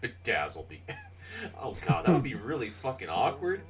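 A man's voice: medium pitch, big pitch swings, normal speed, a crowd in the background. A man co-hosting a podcast, rambling through stories with lots of laughter, fillers and swearing. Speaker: podcast co-host. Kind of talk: casual podcast banter. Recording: distant from the mic.

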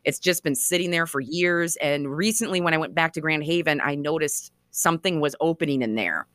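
A woman author being interviewed, telling stories in a chatty, animated way with frequent laughs. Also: low voice, fairly quick, no echo, studio quality. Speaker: author and guest. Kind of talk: conversational storytelling interview.

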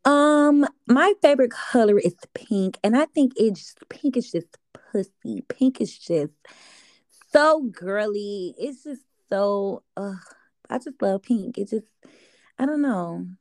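A woman's voice: medium pitch, expressive, takes it slowly, dry recording. A young woman being interviewed as an artist, chatting in a casual, easygoing way and laughing now and then. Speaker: guest artist.

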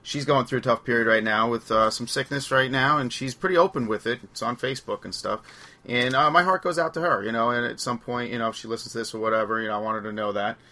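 A man's voice: mid-range voice, fast, sharp tone. A man hosting a podcast, telling rambling stories in casual chat and laughing as he goes. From Long Island, New York. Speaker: podcast host.

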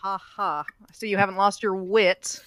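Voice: medium pitch, fairly even intonation, a little slow, a bit bright, smooth, no echo, clean studio sound. A tabletop game player bantering in a playful, teasing way. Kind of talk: casual role-play banter.

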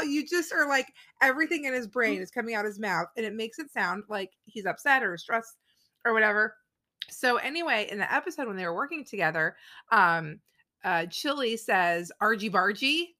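A woman's voice: fairly high pitch, moderate pace. A woman in her thirties co-hosting a podcast, chatting casually and peppering her stories with "like". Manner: chatty, peppered with "like", animated quoting. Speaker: podcast co-host. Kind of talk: casual chat.

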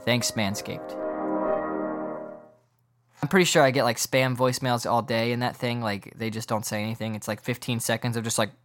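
Rambling, animated male podcast host. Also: mid-range voice, fast, hardly any pauses, soft background music. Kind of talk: casual podcast rant.

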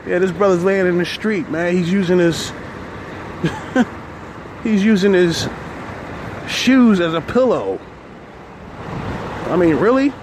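A man's voice: high voice, expressive, takes it slowly, pauses often. A man talking casually to his camera while walking through the city, speaking loosely and dropping "man" and "you know" often. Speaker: vlogger. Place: city street outdoors. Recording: noisy outdoor street audio. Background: street traffic.

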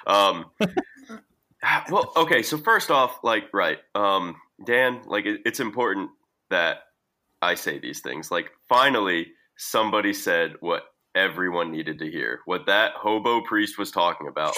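A man's voice: deep voice, animated, measured pace, sharp tone. A man co-hosting a casual podcast with mock-serious sarcasm. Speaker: podcast co-host. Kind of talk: casual chat.

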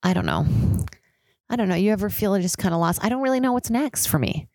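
A woman's voice: mid-range voice, sing-song, fast, darkish tone, no room sound. A young woman hosting a solo podcast, rambling and profane, with many "like" fillers. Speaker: podcast host. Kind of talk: casual solo podcast monologue. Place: high-rise apartment with street sirens outside.

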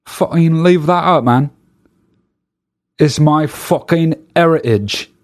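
A man's voice: fairly high pitch, takes it slowly, pitched above the performer's own voice. A man putting on an indignant English man with an English accent, who insists in a whiny, profane way that his ancestor's statue stay up.

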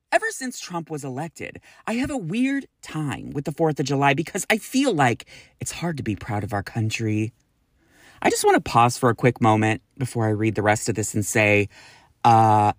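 A woman's voice: deep voice, dry recording, studio quality. A woman hosting a podcast, reading listener messages in a blunt, casual way, swearing freely and sighing in exasperation. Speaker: podcast host.

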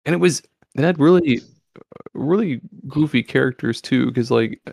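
A man's voice: mid-range voice, normal speed, vocal fry, a little mellow, no echo, studio quality. A man hosting a podcast, chatting loosely with lots of swearing and stumbling restarts. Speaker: podcast host. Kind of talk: casual chat.

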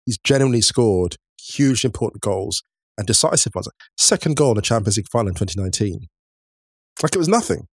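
A man's voice: on the low side, animated, fairly quick, breathy edge, no room sound, clean studio sound. A young man co-hosting a podcast, chatting casually and reading out listener messages, laughing easily. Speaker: podcast co-host.

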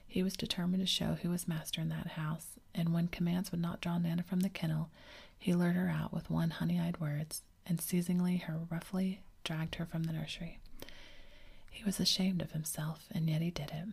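Whispered story reader, woman, husky low voice, flat delivery. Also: moderate pace. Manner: whispered throughout.

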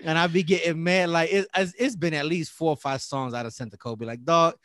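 A man's voice: on the high side, steady tone, brisk, no echo, clean studio sound. A man hosting a podcast in loose, profane casual chat, a bit tipsy from drinking. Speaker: podcast host.

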